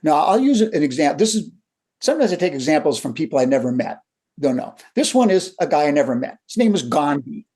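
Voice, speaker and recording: Older man, leadership coach, storytelling, mellow tone, husky voice, slightly high pitch. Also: fast talker. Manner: animated storyteller who acts out quotes. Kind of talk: conversational storytelling.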